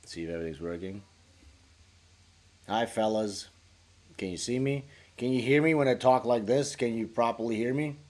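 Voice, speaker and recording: A man hosting a casual livestream, talking in a crude, rambling, joking way with sudden loud bursts into a small studio microphone. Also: mid-range voice, normal speed. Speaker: livestream host.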